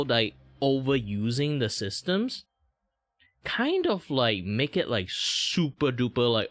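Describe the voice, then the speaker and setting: Lively, bright-voiced man chatting on stream. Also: mid-range voice, no echo. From Malaysia. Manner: rambling, filler-heavy, swears casually. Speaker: streamer host. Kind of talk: casual livestream chat. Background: music he is playing.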